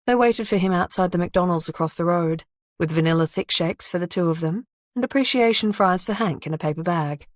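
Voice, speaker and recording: A woman's voice: on the low side, brisk, no echo. Woman audiobook narrator, dry close sound. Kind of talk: scripted narration.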